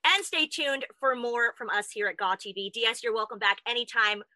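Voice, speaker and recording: Fast, bright gushing woman host. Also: fairly high pitch, dry recording. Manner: gushing, enthusiastic. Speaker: show host. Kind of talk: casual interview chat.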